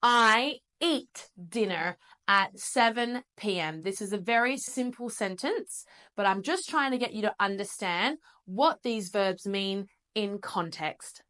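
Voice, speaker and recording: A woman with an Australian accent teaching a basic English lesson, repeating sounds and words slowly and encouraging learners. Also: medium pitch, lively intonation, bright, forceful tone. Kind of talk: slow, clearly enunciated English lesson.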